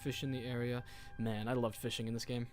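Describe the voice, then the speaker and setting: A man's voice: mid-range voice, level tone, brisk, darkish tone, soft background music. A man casually commenting while streaming a game, joking and reading in-game notes aloud.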